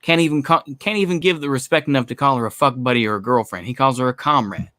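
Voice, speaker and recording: A man's voice: mid-range voice, fast talker, a bit bright, dry recording, studio quality. A man delivering a blunt, profane opinion monologue in a casual, rambling way, with lots of filler phrases. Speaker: commentary channel host.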